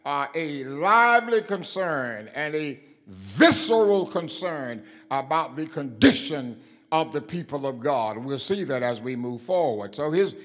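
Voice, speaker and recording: Slow, halting preacher man. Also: on the high side, sing-song, a bit bright. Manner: slow and halting with many fillers, rising to emphatic declarations; repeats key phrases for emphasis. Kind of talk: sermon.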